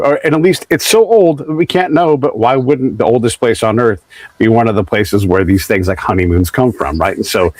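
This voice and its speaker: A man's voice: mid-range voice, no room sound, rough recording. An American man hosts an interview and tells long, winding stories, restarting sentences and acting out what others said. His voice sits in a medium range, and the recording is dry and close. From United States. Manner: rambling storyteller, many restarts, acts out quotes. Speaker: podcast host. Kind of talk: conversational interview.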